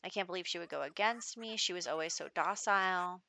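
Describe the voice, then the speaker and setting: A woman's voice: on the low side, a little fast, vocal fry, bright, forceful tone. A woman voicing an angry, scheming male politician in a life-sim game, keeping close to her own voice and summing up his rant casually.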